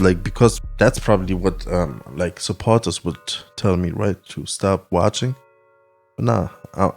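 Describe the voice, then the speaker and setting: A man's voice: on the low side, darkish tone. A man hosting a podcast in casual chat, rambling and slangy with frequent swearing. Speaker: podcast host.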